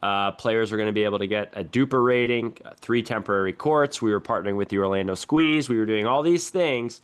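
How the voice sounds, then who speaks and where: A young man hosting a casual podcast, telling his stories in a chatty, animated way. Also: on the low side, fairly quick, clean tone. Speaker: podcast host.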